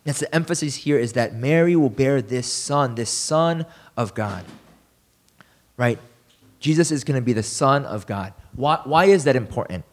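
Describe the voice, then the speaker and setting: A man's voice: medium pitch, animated, normal speed. A man preaching a sermon as a pastor, in a conversational way, often asking the listeners questions.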